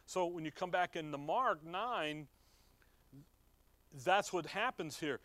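A man's voice: sits high, slow pace, fairly bright tone, no echo. A middle-aged man teaching from the Bible in a conversational way, reading verses aloud and asking his listeners questions. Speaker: preacher.

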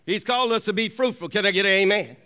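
A man preaches with a high, ringing voice that stays smooth and clear. He works the congregation with call-and-response, pressing for an amen. He drives his points home by saying them twice. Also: fast talker, pushed and bright. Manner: repeats key lines for emphasis. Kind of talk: sermon.

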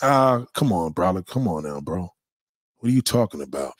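Brief: young adult male streamer, husky, animated pitch, heated profane slang rant, dry close sound. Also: normal speed, no echo. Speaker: livestream host answering chat. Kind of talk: casual livestream rant.

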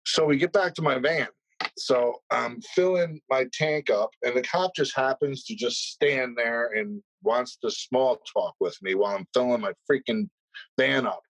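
Husky-voiced man telling a rambling story. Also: mid-range voice, a little slow, fairly bright tone, no room sound, low-quality recording. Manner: rambling anecdotal storytelling, swears freely. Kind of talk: casual chat.

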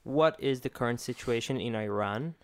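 A male co-host with a smooth, resonant voice at a medium pitch, recorded dry and close. He puts his questions to the guest in a measured, deliberate way. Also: dry recording. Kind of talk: interview questions.

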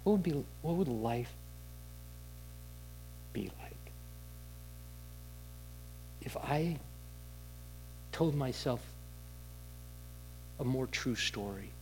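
A man's voice: mid-range voice, expressive, a little mellow, a little hiss or hum, poor audio. Candid conversational male preacher. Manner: candid, conversational storytelling with halting restarts. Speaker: pastor. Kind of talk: sermon.

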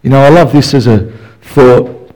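A man's voice: medium pitch, moderate pace, a little mellow, poor audio. A man preaching a sermon in a casual, joking storyteller's way, full of "you know" asides. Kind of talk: conversational sermon.

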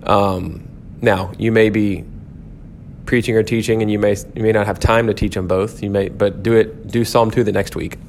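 A man with a lowish voice gives a relaxed Bible lecture to his church. He talks in a loose, conversational way, often restarting his sentences and checking in with "okay?". A faint hiss of noise sits under the recording. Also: moderate pace, creaky. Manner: conversational, self-correcting, frequent "um" and "okay?". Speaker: church teacher.

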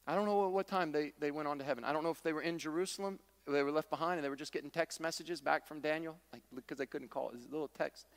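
A man's voice: on the high side, quick pace, few pauses, big-room sound. A man preaching a sermon, emphatic and repetitive, with folksy humor. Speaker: pastor.

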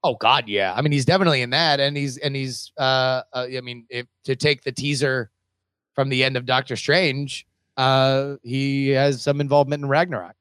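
A man's voice: medium pitch, steady tone, normal speed, fairly bright tone, smooth, no room sound. A man rambles through a laid-back movie chat, stacking fillers and restarts as he thinks aloud. His voice sits in the middle of the male range and is recorded close and dry, with no room sound. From United States. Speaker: podcast co-host.

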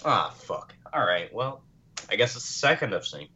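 Bright-voiced rambling man, lo-fi. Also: fairly low pitch, sing-song, moderate pace. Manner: rambling, slips into mock accents. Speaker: podcast co-host. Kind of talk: casual chat, movie review.

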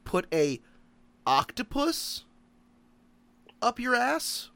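A man's voice: extremely high pitch, sing-song, drawn-out words, gravelly, pushed and bright. A young man co-hosting a podcast, trading crude jokes in loose, casual banter and swearing freely. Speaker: podcast co-host.

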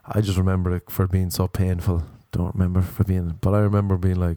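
A man's voice: low-pitched, steady tone, a little fast, few pauses, mellow, dry recording. A man in his thirties with an Irish accent, hosting a podcast and giving rambling, jokey advice in a casual comic chat. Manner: rambling, jokey, riffs in silly voices. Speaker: podcast host and stand-up comedian.

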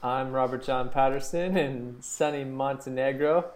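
A man's voice: mid-range voice, a little slow. Laid-back man hosting a podcast. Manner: laid-back, dry teasing. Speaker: podcast host. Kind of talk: casual chat.

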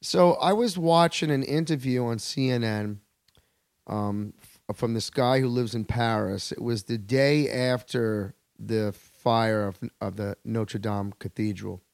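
A man's voice: medium pitch, a little slow, vocal fry, no room sound. A man from Long Island, a podcast guest ranting in a heated, profane, rambling way with many restarts. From Long Island, New York. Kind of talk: comedic podcast rant.

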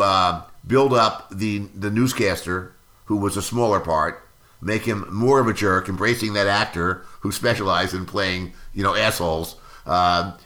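A man's voice: fairly low pitch, bright, forceful tone. An older man, a screenwriter, telling anecdotes in an interview, rambling with many fillers and restarts.

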